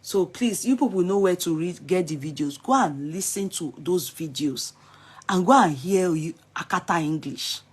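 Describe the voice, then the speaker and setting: A woman's voice: fairly low pitch, moderate pace, breathy edge. Scolding Nigerian woman commentator. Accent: Nigerian, Yoruba. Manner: scolding, animated, mixing Pidgin and Yoruba. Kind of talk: casual commentary vlog.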